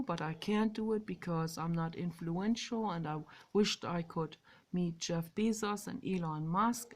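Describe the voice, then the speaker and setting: A woman vlogger talking through a casual monologue outdoors, stressing words loudly and then dropping to a soft whisper. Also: mid-range voice, creaky. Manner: emphatic and drawn-out, swinging between loud stresses and soft whispers. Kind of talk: casual spoken monologue on meditation.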